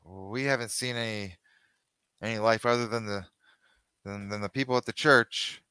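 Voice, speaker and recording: A man's voice: lowish voice, steady tone, moderate pace, clear, resonant tone, no echo, pitched above the performer's own voice. A man voicing a frightened farmer father who is protective of his family and suspicious of strangers. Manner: sharp, wary questioning.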